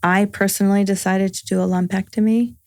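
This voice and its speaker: A woman's voice: medium pitch, little pitch movement, fairly quick, darkish tone, no echo, clean studio sound. A woman in her forties, a podcast guest telling a personal story in casual conversation, earnest and full of reported dialogue. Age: 40s.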